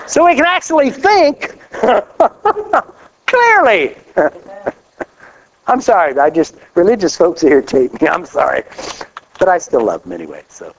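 A man preaching a sermon in a folksy, animated way, laughing often and rising on exclamations. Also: high-pitched, a little hiss or hum. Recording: dull lo-fi recording.

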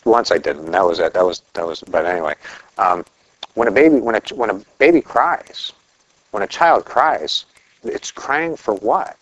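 A man's voice: fairly low pitch, lively intonation, moderate pace, fairly bright tone, dull audio. A middle-aged man preaching a conversational sermon, asking rhetorical questions and telling anecdotes. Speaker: pastor.

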